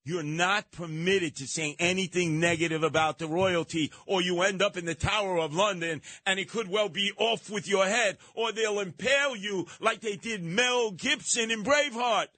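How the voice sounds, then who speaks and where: A man hosting a talk radio show in a sarcastic, animated manner, slipping into mocking voices. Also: high voice, normal speed, hardly any pauses, dry recording.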